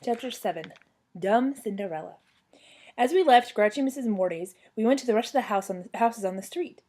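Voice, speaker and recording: A woman's voice: a little high, expressive, a little fast, darkish tone. Woman animatedly reading a children's story. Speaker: former teacher reading to a child. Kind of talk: reading a children's book aloud. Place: at home on a couch.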